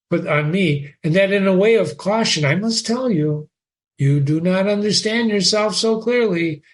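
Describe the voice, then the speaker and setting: A man's voice: sits high, voice pushed up. A man playing a pompous old nobleman father. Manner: pompous, admonishing.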